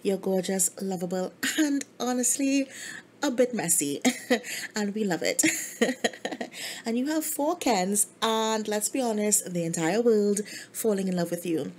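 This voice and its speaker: A bubbly celebrity host who fawns over her guest, her voice pitched up high and sweet. A woman plays her in a voiced game role-play. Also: expressive, measured pace, a little mellow, slight background noise, natural voice. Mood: gushing. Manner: gushing, playful interviewer. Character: bubbly female celebrity talk-show host.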